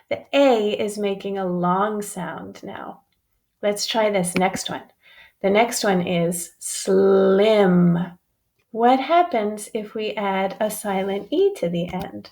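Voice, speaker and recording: Slow, clear woman teaching phonics. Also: medium pitch, dark tone. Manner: slow, clearly sounding out each vowel; encouraging, speaks to children as friends. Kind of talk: phonics lesson for young children.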